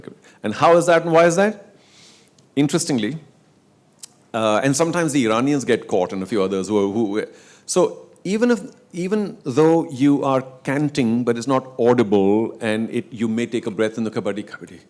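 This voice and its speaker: A middle-aged man, telling stories in casual talk on stage and acting out quotes and chants. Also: mid-range voice. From India. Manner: animated storyteller, acts out quotes and chants. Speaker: guest speaker on sports leagues.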